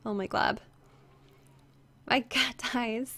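A woman's voice: a little high, brisk, a bit bright. Chatty young woman with a strained voice. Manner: chatty, reads chat aloud, greets viewers by name, many "like" fillers. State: slightly strained voice, resting it. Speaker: game streamer. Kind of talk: casual livestream chat. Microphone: headset.

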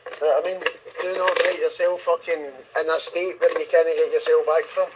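A fairly high-voiced man lays down the law bluntly, swearing as he scolds. The audio is dull and lo-fi with a faint hiss underneath. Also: level tone, a little fast. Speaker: channel admin. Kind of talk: push-to-talk voice chat.

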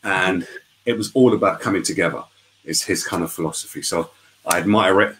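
Deep-voiced chatty man on a video call. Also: a little fast, a little hiss or hum, rough recording. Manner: chatty, lively storyteller. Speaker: guest. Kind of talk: casual live interview chat.

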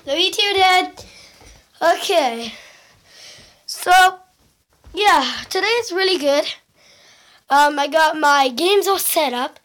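High-voiced giggly home vlogger woman. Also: takes it slowly, long pauses. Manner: giggly, excitable, chatty with frequent mild exclamations. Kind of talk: casual vlog chat. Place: at home indoors. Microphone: handheld camera.

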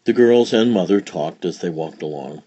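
Man reading a kids' picture book aloud, lively melodic delivery, slow, dry close sound. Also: sits low, husky, no echo, dull audio. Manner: slow, expressive, gentle storytelling. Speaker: storybook reader.

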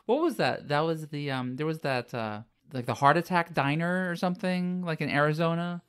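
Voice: mid-range voice, normal speed, fairly bright tone, smooth. A podcast co-host in casual chat, rambling with many fillers and restarts.

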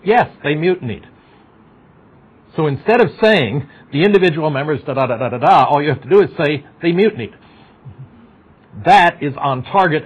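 A middle-aged man gives a conversational psychology lecture at a university, quizzing the class and tossing in wry asides. His voice is a little high with a breathy edge. The lecture hall recording is dull and lo-fi.

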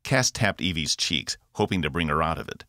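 A man, the author, narrating his own science fiction audiobook with expressive delivery. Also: rumbling low, brisk, no echo, studio quality. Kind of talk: scripted narration.

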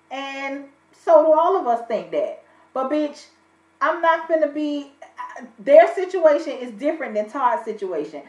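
Loud sassy woman ranting in an echoey room. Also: fairly high pitch. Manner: blunt, sassy, swears constantly, laughs often. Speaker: reality TV recap vlogger. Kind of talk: casual profane episode review. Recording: echoey room, distant mic, muffled sound.

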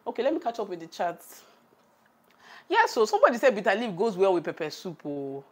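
A woman's voice: mid-range voice, very animated, brisk, husky. A woman with a Nigerian accent who is chatty and laughs often. She cooks on camera, reads out the live chat and talks to her viewers. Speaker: cooking vlogger. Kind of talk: casual chat on a cooking livestream. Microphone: camera on a tripod.

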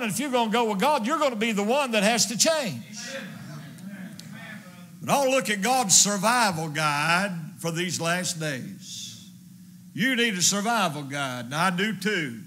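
A man's voice: high-pitched, pushed and bright, a little hiss or hum. A male evangelist preaching a fervent sermon, hammering his points home with repetition.

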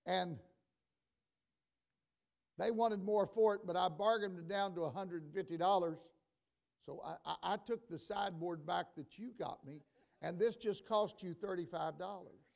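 A man preaching a storytelling sermon as bishop in a church, folksy in his telling and building to loud exhortation. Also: high-pitched, normal speed, gravelly. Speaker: bishop and pastor. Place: church sanctuary.

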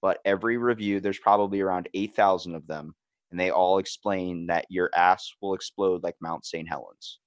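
A man hosting a podcast in casual chat, telling stories with animated quoted voices and cursing. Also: low-pitched, normal speed, clear, resonant tone, no room sound. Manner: animated storyteller, acts out quotes, swears. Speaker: podcast host.

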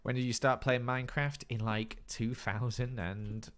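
A man's voice: mid-range voice, fairly even intonation, normal speed. A man chatting casually on a livestream, rambling and self-deprecating and tripping over his words. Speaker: streamer host. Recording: faint background noise.

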